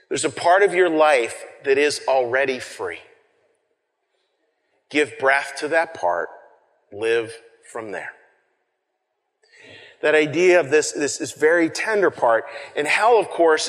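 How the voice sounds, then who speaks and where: A man preaching a sermon in a large hall, his voice pitched a little above most men's and trailing off in a long reverb. He talks in a loose, conversational way, repeating and restarting words. He swings from near-shouts to hushed whispers for effect.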